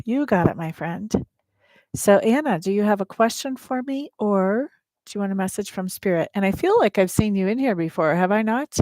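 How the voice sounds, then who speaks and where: A woman's voice: mid-range voice, lively intonation, normal speed, a little mellow, no room sound. A woman hosting a live tarot reading, chatting straight to her viewers in a blunt, playful way. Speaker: tarot reader and livestream host.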